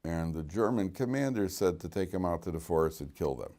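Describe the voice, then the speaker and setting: A man's voice: deep voice, brisk. A man teaching a class as a rabbi, telling stories with jokes and many repeated words. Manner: animated, joking storyteller who repeats words. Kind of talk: lively classroom storytelling.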